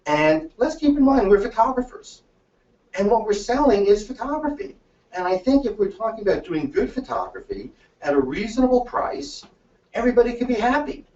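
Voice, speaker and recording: Animated man presenting in an echoey room. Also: high-pitched, fairly quick. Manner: lively storytelling, acts out dialogue. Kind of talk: webinar talk. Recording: echoey, distant, dull room sound.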